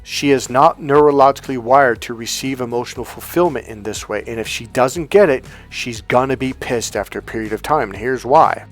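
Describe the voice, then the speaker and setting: A man's voice: mid-range voice, fairly quick, hardly any pauses, faint music behind. A man giving a blunt, profane, emphatic coaching talk as a love coach. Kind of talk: coaching monologue.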